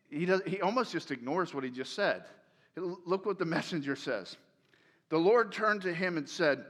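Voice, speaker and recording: Male pastor, sermon, casual joking storytelling, bright voice, long church reverb. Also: sits high, moderate pace. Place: large church.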